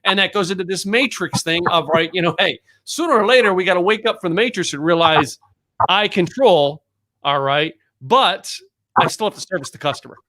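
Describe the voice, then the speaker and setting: A man co-hosting a casual business podcast, talking in halting bursts with repeated words and restarts. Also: high-pitched, animated, bright, forceful tone. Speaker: podcast co-host.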